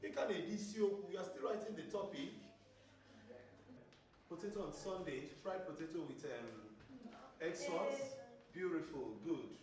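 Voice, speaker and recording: A man's voice: high voice, expressive, normal speed, long pauses, a crowd in the background. A man teaching a class, repeating vocabulary and quizzing pupils so they echo it back. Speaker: language teacher. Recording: echoey classroom from far off.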